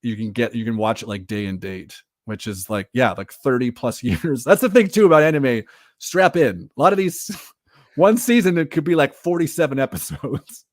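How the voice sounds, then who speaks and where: A man co-hosting a casual podcast chat, animated and full of fillers, laughing often. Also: mid-range voice, normal speed, no echo, clean studio sound. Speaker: podcast co-host.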